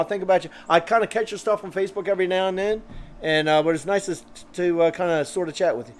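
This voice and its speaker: A man's voice: high-pitched, fast. A man hosting a grilling live stream. He chats loosely with lots of fillers while reading viewer comments, and he is a bit out of breath. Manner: loose and rambling, with many fillers.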